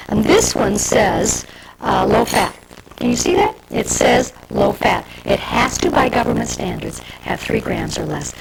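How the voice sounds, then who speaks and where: A woman's voice: lowish voice, creaky, very noisy. A woman from Michigan hosting a cooking show, demonstrating a dessert to camera in a chatty, homey way with asides to the viewer. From Michigan, USA.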